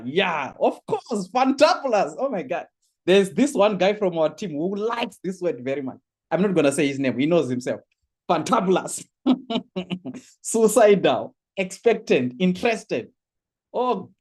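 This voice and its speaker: A man running a live online course orientation, reading chat answers aloud with lots of laughs and exclamations. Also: a little high. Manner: animated, reads chat aloud, laughs often.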